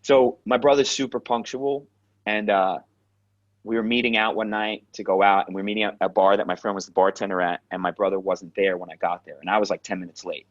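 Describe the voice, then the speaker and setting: A man, an actor and acting coach, telling lively stories in a casual interview, acting out the voices and swearing freely. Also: fairly low pitch, a little fast, no room sound. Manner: animated storyteller, acts out quotes, swears freely. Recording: dull lo-fi sound.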